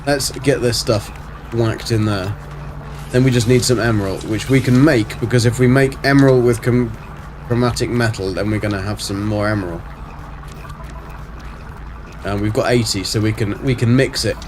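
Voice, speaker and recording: A man's voice: medium pitch, steady tone, moderate pace, pauses often, noisy background. A middle-aged man on a casual live game stream, answering chat and muttering to himself as he plays.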